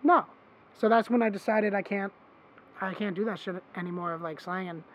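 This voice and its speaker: A man hosting a podcast, telling a long story in casual chat, animated and swearing freely, acting out what others said. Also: high-pitched, normal speed, muffled recording. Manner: animated, swearing, acts out quoted voices. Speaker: podcast host.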